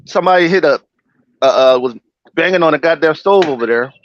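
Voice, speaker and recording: A man's voice: on the high side, fairly quick, dry recording. A man hosting a casual talk show, laid-back and slangy. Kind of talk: casual chat. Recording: dry, dull lo-fi audio.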